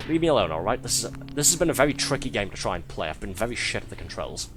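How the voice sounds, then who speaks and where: A man's voice: on the low side, noisy background. A man giving live gameplay commentary as a streamer, wry and sarcastic, laughing often at his own game.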